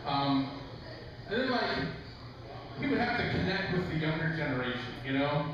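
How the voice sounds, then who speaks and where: A man's voice: on the high side, sing-song, normal speed, muffled recording. A man doing a stand-up routine in a loose, conversational way, full of fillers and acted-out quotes. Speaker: stand-up comedian. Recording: echoey room from far off, noisy.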